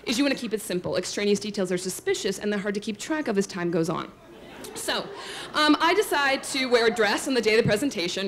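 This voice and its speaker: A woman's voice: on the high side, fairly bright tone, a little hiss or hum. A woman telling a true story on stage to an audience, chatty and self-mocking, full of likes and asides to the crowd.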